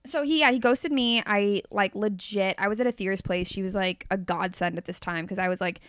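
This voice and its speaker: A woman's voice: mid-range voice, smooth, no room sound, clean studio sound. A woman as a podcast guest, telling a candid personal story in casual chat. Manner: candid storytelling, quick and animated.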